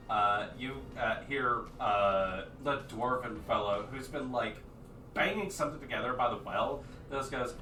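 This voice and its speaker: A man's voice: medium pitch, unhurried, sharp tone, echoey room, distant mic, soft background music. A man narrating a tabletop game as game master, rambling with many fillers and restarts.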